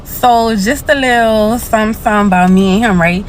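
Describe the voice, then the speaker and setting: A woman's voice: mid-range voice, brisk, slight background noise. Blunt woman. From New Orleans, USA. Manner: blunt, casual, slangy. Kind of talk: personal storytime monologue.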